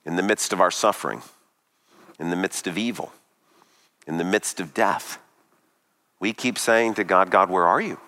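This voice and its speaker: A man preaching a sermon emphatically, with dramatic pauses and rhetorical questions. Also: low voice, pushed and bright, big-room sound.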